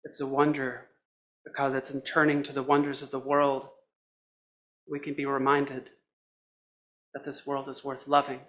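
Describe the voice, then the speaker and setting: A man preaching a sermon as a minister, with a measured, reflective delivery in short phrases. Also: mid-range voice, monotone, a bit bright.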